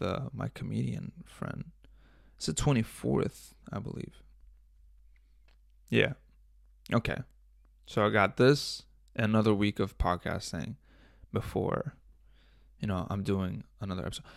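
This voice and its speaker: A young man hosting a casual solo podcast, rambling and swearing with jokes, often coughing and clearing his throat into a close microphone. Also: fairly low pitch, no echo. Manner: rambling, profane, jokey, drifts between loud bits and mumbling. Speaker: podcast host. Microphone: studio microphone up close.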